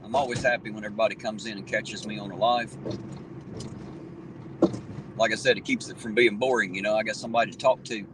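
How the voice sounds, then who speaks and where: A man's voice: fairly low pitch, steady tone, quick pace, long pauses. Appalachian guy rambling to his live chat while he drives, mic kinda far off, lots of car noise. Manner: chatty, folksy, greets viewers by name. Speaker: livestream host. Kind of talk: casual live-stream chat, greeting viewers. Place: in a vehicle at night. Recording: distant mic with loud road noise.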